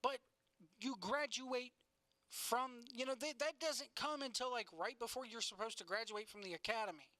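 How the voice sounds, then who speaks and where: A woman's voice: on the high side, normal speed, pushed and bright, no echo. A woman co-hosting a casual chat show, telling stories animatedly and swearing freely. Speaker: podcast co-host.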